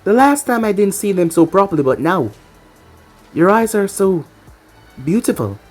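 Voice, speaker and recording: A defiant, foul-mouthed young female fighter, voiced by a woman reading the story. She talks loud and blunt, her pitch swinging freely. Faint music plays behind her. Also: very animated, moderate pace. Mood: brash.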